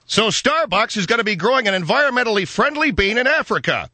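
Bright-voiced mock news anchor, a man. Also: high voice, very animated, quick pace, no echo. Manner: announcer-style delivery, sardonic. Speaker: radio show host. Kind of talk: mock newscast comedy.

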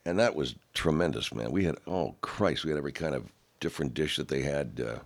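A middle-aged man hosting a talk show, ranting with heavy profanity in a gravelly manner. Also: fairly quick. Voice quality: very low, gravelly, growly rant. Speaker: radio host.

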